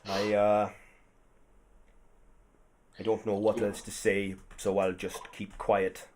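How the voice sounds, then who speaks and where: A man voicing a sullen, resigned woman prisoner who speaks quietly and awkwardly. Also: fairly low pitch, completely flat delivery, slow, a little hiss or hum.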